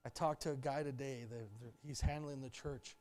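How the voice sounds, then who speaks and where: A man's voice: medium pitch, steady tone, moderate pace, darkish tone. A man preaching a sermon as pastor in a church, talking candidly and joking as he speaks directly to the congregation. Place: church sanctuary.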